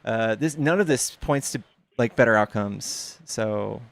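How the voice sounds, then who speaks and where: A man's voice: lowish voice, unhurried, vocal fry, no echo. Blunt, cussing male debate streamer. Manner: blunt, swears, cites data. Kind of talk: casual debate.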